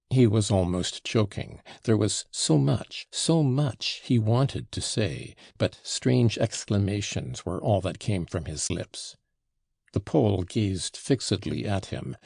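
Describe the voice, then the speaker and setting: A man narrating a classic novel as an audiobook in a lively, expressive reading. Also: fairly low pitch, vocal fry, slightly rough, no room sound, clean studio sound. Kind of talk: scripted narration.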